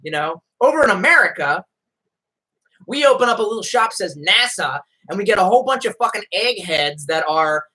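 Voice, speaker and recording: A man's voice: high voice, animated, normal speed, pushed and bright, husky, poor audio. A man ranting profanely on a live stream.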